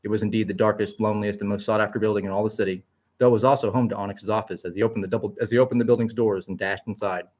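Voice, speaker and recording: A man narrating a story aloud in a quick, vivid, expressive style. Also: fairly low pitch. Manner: quick, vivid, occasional slips and restarts.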